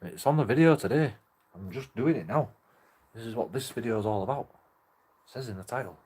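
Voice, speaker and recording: A man's voice: mid-range voice, fairly quick, darkish tone, husky. A young man rambling casually to his camera, laughing through his words. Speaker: auditor vlogger.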